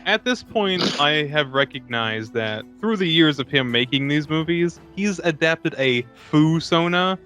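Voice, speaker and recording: A man's voice: fairly high pitch, unhurried, few pauses, soft background music. Laughing man riffing on a movie. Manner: laughing, animated impressions of movie lines. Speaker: podcast co-host. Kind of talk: casual movie review chat.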